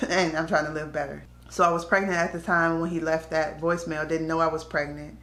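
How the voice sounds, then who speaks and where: Woman vlogger, low-pitched and candid, talking straight to camera in a roomy, echoey space. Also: fairly even intonation, fairly quick, fairly bright tone. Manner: candid, conversational, slips into quoted voices. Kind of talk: casual storytelling to camera. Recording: echoey room.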